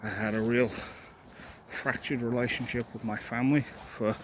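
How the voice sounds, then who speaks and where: Young man, out of breath, walking outdoors, halting reflective talk, loud outdoor noise. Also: medium pitch, fairly even intonation. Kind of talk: candid personal vlog while walking.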